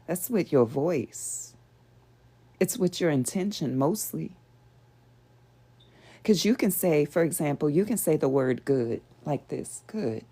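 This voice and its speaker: A woman's voice: deep voice, animated, slow, pauses often, mellow, husky. A woman hosting a show, teaching spiritual principles to a live audience in an earnest, conversational way and often asking them rhetorical questions.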